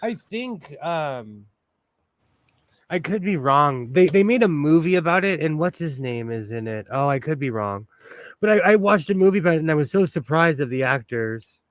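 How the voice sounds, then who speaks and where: A man's voice: fairly high pitch, animated, moderate pace, dry recording. A man, hosting a casual livestream while he sews, rambling and sentimental with lots of fillers. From United States. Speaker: host.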